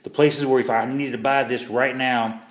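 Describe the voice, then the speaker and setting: A man's voice: mid-range voice, fairly even intonation, moderate pace, roomy sound. A man reviewing a pocket knife in a casual vlog, rambling and self-deprecating, with lots of fillers and restarts.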